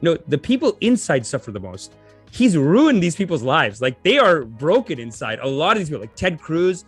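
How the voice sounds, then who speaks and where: Guy ranting and mocking on a chat show, voice jumps all over, kinda high. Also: normal speed, breathy edge, faint music behind. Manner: mocking, animated, throws in silly impressions. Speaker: co-host. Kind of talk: casual commentary chat.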